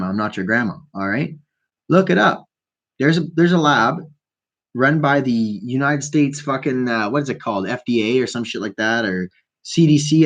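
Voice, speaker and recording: A man's voice: medium pitch, lo-fi sound. A man from Canada hosting his own show, ranting in a profane, rambling monologue about conspiracies. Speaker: host.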